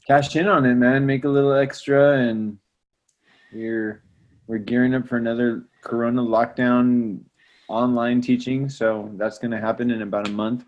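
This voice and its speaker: A man who teaches music, telling stories in a casual chat, animated and slangy, often tacking "man" onto his lines. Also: medium pitch. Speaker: music teacher and salsa trumpet player.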